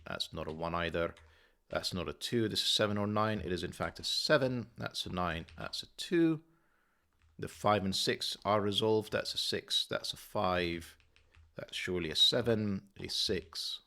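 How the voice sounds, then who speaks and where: Here the sudoku-solving host has a deep, gravelly voice that sounds pushed and bright, and he talks a little slowly. He thinks aloud in a methodical mutter, correcting himself as the puzzle unfolds.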